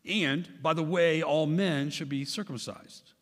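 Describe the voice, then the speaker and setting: Emphatic pastor in a reverberant hall. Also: male voice, a little high, measured pace. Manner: emphatic and conversational, with repetitions. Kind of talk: sermon. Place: church hall. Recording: long church hall reverb.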